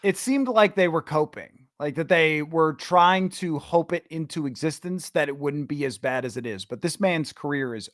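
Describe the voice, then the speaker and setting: A man hosting a sports podcast, ranting in animated, sarcastic casual chat. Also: on the high side, normal speed, few pauses, dry recording, clean studio sound. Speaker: podcast host.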